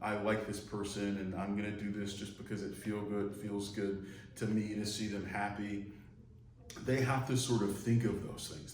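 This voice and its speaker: A man's voice: fairly low pitch, darkish tone. A man giving a psychology lecture in a conversational, digressive way, acting out quoted voices as he goes. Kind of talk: recorded online lecture. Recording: echoey room, mic far off, faint noise.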